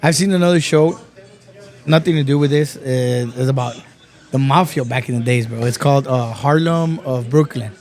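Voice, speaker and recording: A Texan man appears as a podcast guest, telling stories in an animated, casual chat. His voice is medium in pitch and his pace moderate, and he swears a lot and calls everyone "bro."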